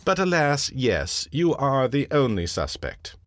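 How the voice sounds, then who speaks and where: A man's voice: mid-range voice, sing-song, a little slow, no echo, studio quality. An actor playing a vain, flippant male king with a pompous, sardonic and dramatic manner. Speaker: lead of the show. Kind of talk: comedy radio play acting.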